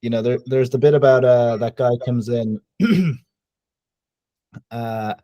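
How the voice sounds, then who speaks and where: Man, podcast co-host, deadpan and ironic, casual, dry sound. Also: medium pitch, slow, no room sound. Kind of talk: casual chat.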